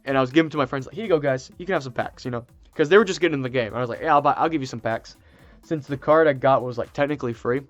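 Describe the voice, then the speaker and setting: Male host, mid pitch, chatty and excitable, rambling storyteller; faint music underneath. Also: very fast, dry recording, lo-fi sound. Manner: excitable, rambling, many fillers and restarts. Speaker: channel host. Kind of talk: casual storytelling to camera.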